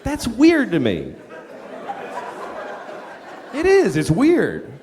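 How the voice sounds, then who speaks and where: Middle-aged male stand-up comic, lively pitch, exasperated storyteller; live theater room with long reverb and a loud laughing crowd. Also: drawn-out words, noisy background. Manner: exasperated storytelling, acts out shouting characters. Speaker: stand-up comedian. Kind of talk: stand-up comedy set. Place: large theater stage before a live audience. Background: audience laughter.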